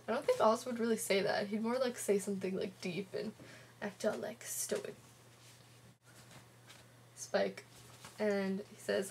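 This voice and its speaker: A woman's voice: mid-range voice, sing-song, moderate pace, creaky, slight background noise. A teenage girl, chatting sarcastically in a home vlog with a sore throat. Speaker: vlogger. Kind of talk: casual vlog chat, retelling a comic.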